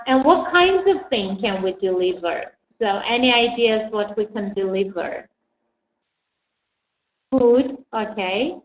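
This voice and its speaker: Lady teaching english, kinda high voice, patient, calls on students one by one. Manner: patient, prompts students by name. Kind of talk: online language lesson. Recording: echoey, dull, lightly noisy.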